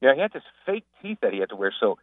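A man chatting casually as a guest on a radio show, an animated storyteller who mimics the people he describes. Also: mid-range voice, racing, dry recording. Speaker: sports broadcaster and guest. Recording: phone line.

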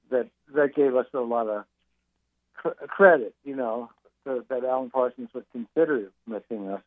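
An older musician, medium-pitched and with no echo on his voice, is interviewed over the phone. He tells stories full of fillers and restarts, and the line sounds tinny.

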